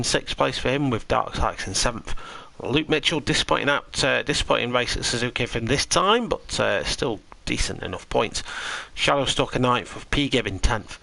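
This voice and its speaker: A man's voice: mid-range voice, gravelly, sharp tone, poor audio. A tired man giving chatty, rambling commentary on a live sim racing stream and answering his chat.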